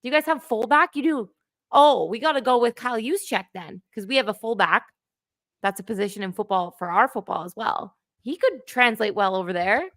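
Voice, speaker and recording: A woman's voice: fairly high pitch, a little fast, a bit bright, dry recording, clean studio sound. Chatty, enthusiastic woman. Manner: enthusiastic, chatty, laughs often. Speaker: guest co-host. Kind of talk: livestream chat.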